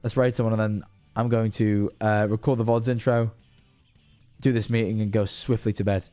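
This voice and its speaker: A man's voice: fairly low pitch, flat delivery, normal speed, warm tone, clear, resonant tone, faint music behind. A very tired young man hosting a livestream, chatting loosely through his sign-off, rambling and swearing now and then. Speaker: livestream host. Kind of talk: casual stream sign-off chat.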